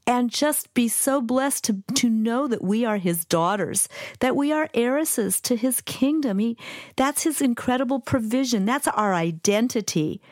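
A woman's voice: a little high, lively intonation, a little slow, a little mellow, dry recording. A woman hosting a faith radio interview in a studio, speaking in an affirming, effusive manner. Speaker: radio show host.

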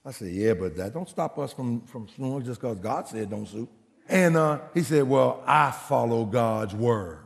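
A male pastor telling a story in a sermon, acting out the voices in the dialogue with big swings in pitch. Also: animated, a little slow, creaky, big-room sound.

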